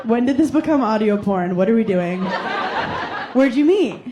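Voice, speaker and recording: A woman's voice: a little high, expressive, moderate pace. A woman in her thirties doing brash, teasing stand-up crowd work on a club stage, often laughing mid-line, with a handheld mic. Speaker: stand-up comedian. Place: comedy club stage with live audience. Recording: live club audio, audience laughter and noise.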